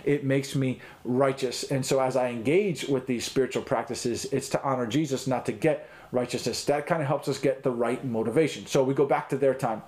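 A man's voice: medium pitch, steady tone, a little fast, hardly any pauses, darkish tone. Man, pastor, middle-aged, recorded teaching talk, earnest, conversational, mid-range voice, filler words. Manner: earnest, conversational, frequent ums and restarts.

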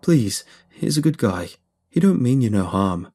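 A man's voice: mid-range voice, very animated, unhurried, mellow. Man doing a soothing Louisiana country guy. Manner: soothing, folksy. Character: Southern small-town man, calm and reassuring.

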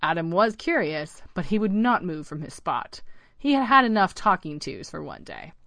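Brief: woman storyteller, steady and lowish, dry close recording. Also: moderate pace, vocal fry, dry recording. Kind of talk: scripted narration of a children's story.

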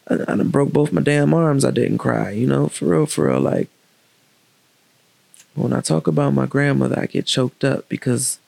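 A man telling a personal story in a candid, reflective, casual way, with halting restarts and pauses. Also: medium pitch, gravelly, a little mellow, dry recording.

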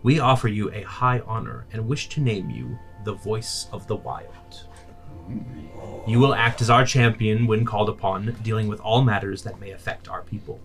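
A man's voice: on the low side, expressive, moderate pace, faint music behind. A man voicing a stern female goddess who speaks formally and solemnly in a tabletop game. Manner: formal, ceremonial.

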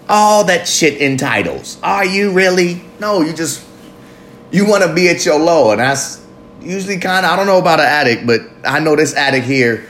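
Loose and profane, a man hosting a live recovery podcast confesses in a monologue, occasionally stretching his words. His voice is on the high side, bright and expressive at a normal pace, with slight background noise.

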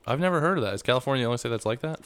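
A man's voice: medium pitch, animated, very fast, fairly bright tone, a little hiss or hum. A man hosting a casual interview, curious and asking follow-up questions.

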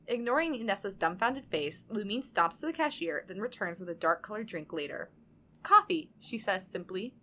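A young woman podcast co-host narrating fan fiction aloud, with animated bursts when reading dialogue. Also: medium pitch, a little fast, hardly any pauses, slight background noise.

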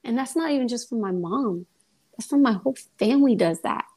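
Young woman, podcast guest, casual testimony, lively storytelling, a bit high-pitched. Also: fairly quick. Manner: lively storytelling, acts out quoted dialogue.

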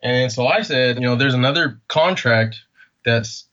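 A man's voice: medium pitch, normal speed, dull audio. A man from California, a podcast guest, telling a story in a casual interview and acting out the quoted dialogue. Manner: animated, acts out quoted dialogue.

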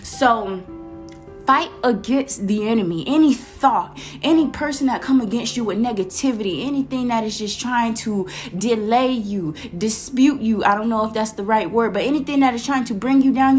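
A woman from Florida with a Florida accent, giving a casual, animated faith talk to camera, slangy and quoting scripture. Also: fairly high pitch, moderate pace, soft background music. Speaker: Christian vlogger.

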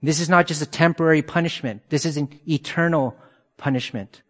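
A man's voice: a little high, brisk, fairly bright tone. A man preaching a sermon, reading scripture aloud and asking earnest rhetorical questions. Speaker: pastor. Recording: long hall reverb.

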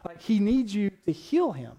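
A preacher acting out a hesitant, hushed disciple. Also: male voice, high-pitched, very animated, moderate pace, lo-fi sound, full character voice. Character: eager disciple nervously correcting his teacher.

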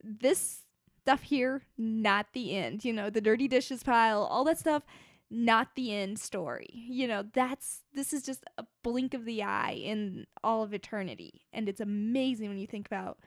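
A young woman with a slightly high voice hosts a podcast, animated and often laughing. Her voice sounds close and dry, with no room around it. She talks casually and warmly about what moves her. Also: normal speed, no echo. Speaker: podcast host. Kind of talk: casual chat about faith and books.

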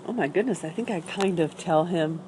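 Outdoors on dry leaves, a woman vlogs on a casual morning, rambling and upbeat with small restarts and an allergy cough. Her voice is lowish, brisk and a little mellow, with a faint hiss or hum.

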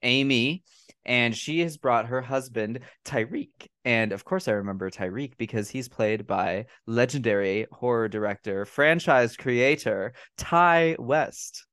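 A man hosting a casual film podcast, retelling scenes with lots of swearing and animated energy. His voice sits at an ordinary middle pitch. The sound is dry and close, with no room echo. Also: unhurried, clear, resonant tone. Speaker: podcast host. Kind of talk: casual film review chat.

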